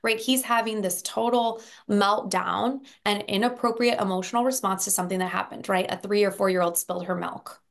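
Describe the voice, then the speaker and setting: A woman's voice: mid-range voice, a little fast, gravelly, hardly any pauses. Woman therapist on a podcast, chatty, acts out the examples, lots of "right?". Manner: animated storyteller, acts out quoted voices with frequent "right?". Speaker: therapist guest. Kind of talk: conversational explanation on a podcast.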